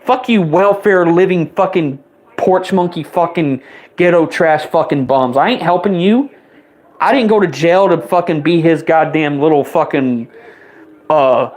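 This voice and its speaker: A man in his twenties delivering an angry, profane rant, his voice jumping higher whenever he gets riled up. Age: 20s. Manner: heated, rapid-fire swearing, voice spiking up when riled.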